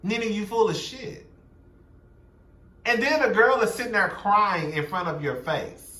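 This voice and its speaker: A man's voice: high-pitched, a little slow, bright, forceful tone, roomy sound, distant mic. A young man giving a sassy, blunt, profane recap of a reality TV episode, gossiping and quoting the cast. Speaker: show recap commentator.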